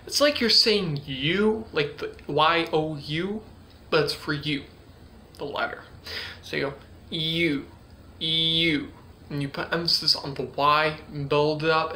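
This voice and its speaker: A man's voice: on the high side, measured pace, pushed and bright, a little hiss or hum. A man casually teaching ventriloquism, hesitant and full of fillers as he demonstrates letter sounds. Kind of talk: casual tutorial.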